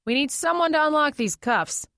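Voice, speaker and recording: A woman's voice: high voice, lively intonation, normal speed, bright, forceful tone, dry recording, pitched above the performer's own voice, full character voice. A woman voicing a stern male defense attorney who barks orders like a drill sergeant. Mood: stern, commanding.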